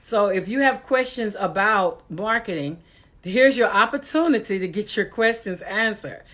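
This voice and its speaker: A woman hosts a casual live-stream talk show through a computer microphone. She is chatty and laughs often, with an exasperated edge about technical glitches. Her voice sits at an ordinary middle pitch. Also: lively intonation, moderate pace, a bit bright.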